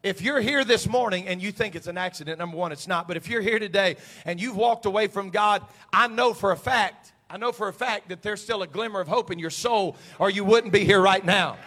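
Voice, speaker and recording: A male pastor preaches to his church. His voice sits high and rings bright. He drops to near-quiet storytelling, then climbs to shouted, fervent climaxes. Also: a little fast, hardly any pauses. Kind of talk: sermon. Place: church sanctuary.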